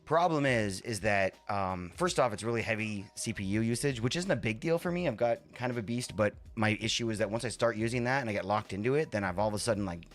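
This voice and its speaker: A man's voice: on the low side, expressive, fast talker, few pauses. A man hosting a live stream, chatting casually and rambling between talking to his chat and fiddling with his setup. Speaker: livestream host.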